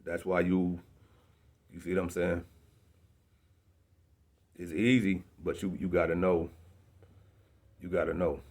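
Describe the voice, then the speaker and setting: A man's voice: sits low, steady tone, slow pace, long pauses, darkish tone. A young man, a rapper, telling a casual story in street slang, often asking "you know what I'm saying". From South Bend, Indiana.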